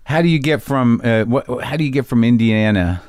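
A man interviewing an actor in a relaxed chat, asking long, rambling questions full of restarts. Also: mid-range voice, moderate pace, no room sound, studio quality.

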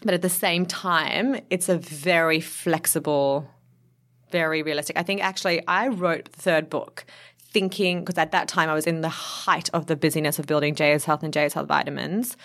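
A woman nutritionist and author, talking as a guest in a casual chat, quick and chatty and laughing often. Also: sits low, steady tone, fairly bright tone.

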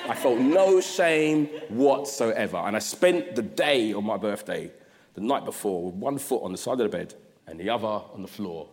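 A man, giving an animated, humorous storytelling address. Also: mid-range voice. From South London. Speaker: guest speaker. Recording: long hall reverb.

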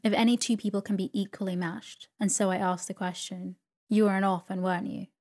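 A woman's voice: mid-range voice, steady tone, a little fast, a little mellow, natural voice. A woman reading a storybook, voicing a stern, brusque elderly great-aunt who speaks in a commanding, indignant manner.

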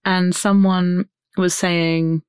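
Woman interviewer, lowish voice, dry close sound, chatty. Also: flat delivery, very slow, a little mellow, clear, resonant tone, no echo. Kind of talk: casual conversation.

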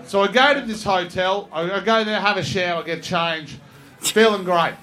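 High-voiced man telling a rambling story. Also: moderate pace, bright, forceful tone, faint music behind. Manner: rambling, swearing, laughing between phrases. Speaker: comedian guest. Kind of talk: rambling anecdote on a podcast. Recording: noisy podcast recording.

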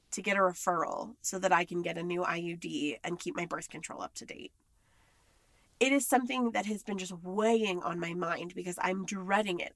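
A woman's voice: mid-range voice, a bit bright, dry recording. A woman talking candidly and with frustration in a casual monologue, emphatic and blunt.

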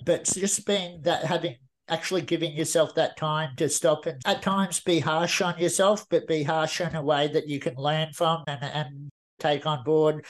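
A man in his forties speaks as a podcast guest. His voice sits a touch high for a man. He talks in an earnest, reflective way, often circling back to restart a thought. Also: fairly even intonation, normal speed. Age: 40s. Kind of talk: casual interview talk.

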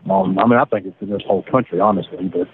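A man, recounting his past in a halting way with repeated words, over the phone. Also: low-pitched, steady tone. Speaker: interviewee, former defendant. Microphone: phone line. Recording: tinny phone line.

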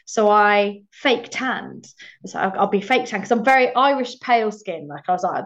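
A woman's voice: medium pitch, moderate pace. A young woman actor telling stories in a casual conversation, laughing often and acting out her own past remarks. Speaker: actor, podcast guest. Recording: slightly muffled, lo-fi audio.

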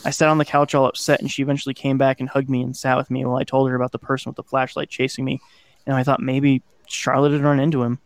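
A man's voice: mid-range voice, little pitch movement, fast, no echo. A man hosting a podcast, casually narrating a scary childhood story and swearing now and then. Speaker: podcast host.

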